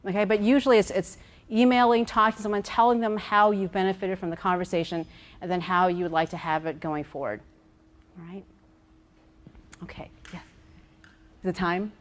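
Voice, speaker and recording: A woman's voice: on the low side, fairly even intonation, brisk, long pauses. Woman coaching a roomful, chatty and direct. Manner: conversational, repeats words, checks in with the audience; walks around while speaking. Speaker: executive coach giving a workshop talk. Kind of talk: lively conference workshop talk.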